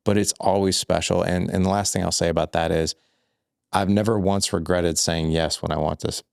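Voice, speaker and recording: A man guest on a podcast, telling animated stories that act out quoted lines, with lots of filler words. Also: low-pitched, fairly quick, vocal fry, dry recording, clean studio sound. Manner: rambling, heavy use of filler words. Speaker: guest, fatherhood coach. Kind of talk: conversational podcast storytelling.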